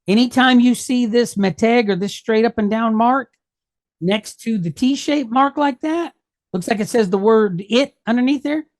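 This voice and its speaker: At a normal pace, a woman with a fairly high, darkish voice leads a Hebrew reading lesson off a worksheet. Each mark gets a patient explanation, punctuated by "okay?" and "right?"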